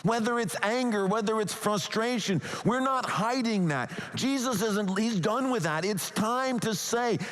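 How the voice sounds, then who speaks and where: A man's voice: high-pitched, a little slow, hardly any pauses, a bit bright. A man preaching a sermon as a pastor, earnest and pleading as he talks. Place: church sanctuary. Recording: long hall reverb.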